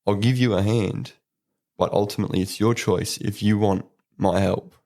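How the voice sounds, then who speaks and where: This podcast guest, a young Australian apprentice electrician, speaks at a moderate pace in a lowish voice with vocal fry. He's a relaxed storyteller who laughs his way through a casual interview.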